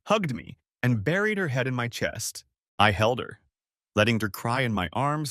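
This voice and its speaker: A man's voice: medium pitch, fairly bright tone, no room sound, clean studio sound. Brooding male audiobook narrator. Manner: measured, brooding storytelling. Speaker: story narrator. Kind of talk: first-person audiobook narration.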